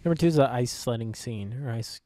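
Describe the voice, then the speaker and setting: A man's voice: medium pitch, fairly quick, warm tone, no echo, clean studio sound. A man co-hosting a movie review podcast, joking around in a goofy, self-deprecating way. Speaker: podcast co-host. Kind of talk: casual movie review chat.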